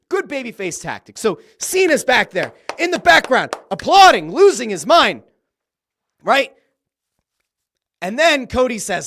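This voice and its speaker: Animated man hosting a wrestling podcast. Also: sits high, normal speed. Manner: animated, excitable storytelling with swearing. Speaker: podcast host. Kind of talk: solo wrestling commentary podcast.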